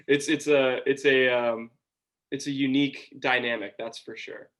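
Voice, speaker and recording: A man's voice: mid-range voice, fairly even intonation, unhurried, a bit bright, low-quality recording. A young man from Georgia, a college sports broadcaster, answering interview questions thoughtfully with frequent ums. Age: young adult. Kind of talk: casual interview.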